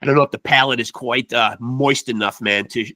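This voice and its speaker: A man's voice: medium pitch, fairly even intonation, a little fast, sharp tone, no echo. A man hosting a podcast in loose, profane casual chat, tacking "man" onto nearly every phrase. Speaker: podcast host.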